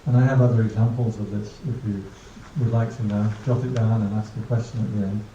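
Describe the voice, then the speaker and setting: A man's voice: lowish voice, level tone, brisk, mellow, slight background noise. A man, a Buddhist monk, giving a casual, humorous talk to a class, telling anecdotes and laughing at his own jokes. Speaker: Buddhist monk teaching mindfulness. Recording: dull distant roomy recording.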